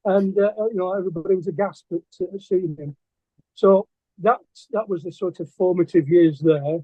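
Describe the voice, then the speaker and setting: Lancashire guest, middle-aged man, higher voice, halting with ums, thin phone-like sound. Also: no room sound. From England. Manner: hesitant, many ums and restarts. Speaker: guest artist. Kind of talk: casual storytelling interview. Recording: tinny phone-like line, dry.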